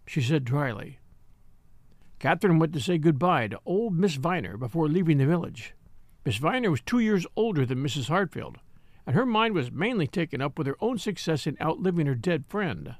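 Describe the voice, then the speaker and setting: A man narrating a novel as an audiobook reader, in an expressive storytelling manner. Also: fairly high pitch, moderate pace, dry recording. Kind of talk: scripted narration.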